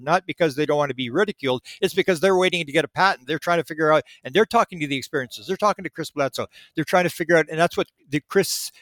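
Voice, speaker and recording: Podcast guest, male, slightly higher voice, talks in loose restarting bursts. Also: fairly bright tone, no echo. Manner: rambling, frequent restarts and repeated words. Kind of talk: casual conversational explanation.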